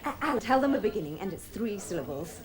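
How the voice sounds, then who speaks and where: A woman's voice: mid-range voice, big pitch swings, fast talker, a crowd in the background, close to an everyday voice. An actress playing an earnest, dreamy young woman running a party game in a televised stage drama. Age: young adult. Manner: eager, bossy, reflective.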